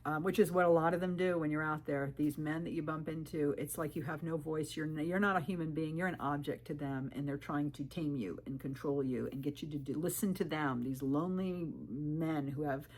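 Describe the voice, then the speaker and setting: A middle-aged woman vlogging about hiking, telling a story in an indignant, animated way and mimicking other people's lines. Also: low-pitched, fairly quick, hardly any pauses, slight background noise. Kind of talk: casual storytelling monologue.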